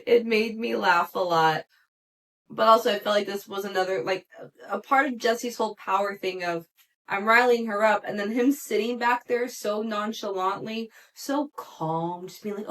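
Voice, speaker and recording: A woman hosting a podcast, recapping a reality show in a chatty, animated way, with frequent "like" fillers and laughter. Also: mid-range voice, moderate pace. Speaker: podcast host.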